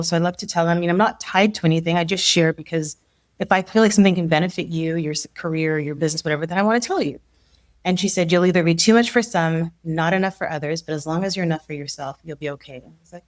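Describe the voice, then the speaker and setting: A woman in her forties speaks in a fairly low voice, recorded cleanly in a studio with no echo. She's a leadership coach appearing as a guest, telling her story conversationally, acting out quotes and laughing often.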